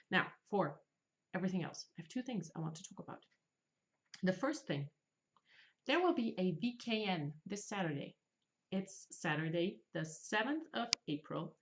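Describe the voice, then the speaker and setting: A woman in her thirties hosting a casual craft podcast, talking with chatty enthusiasm and joking about herself. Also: lowish voice. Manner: chatty, enthusiastic, self-deprecating jokes. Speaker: podcast host. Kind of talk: casual chat.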